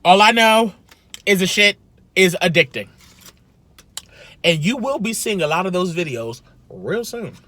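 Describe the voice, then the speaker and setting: A man chatting casually while eating, a food vlogger with an animated, sassy way of talking, recorded in a parked car. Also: high voice, measured pace, pauses often. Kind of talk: casual mukbang chat.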